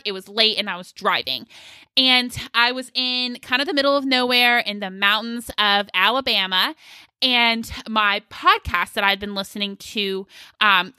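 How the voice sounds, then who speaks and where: A woman's voice: medium pitch, sharp tone, no echo. A young woman speaking casually and earnestly, telling a personal story and encouraging listeners in their faith, with many filler likes. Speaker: Christian devotional speaker.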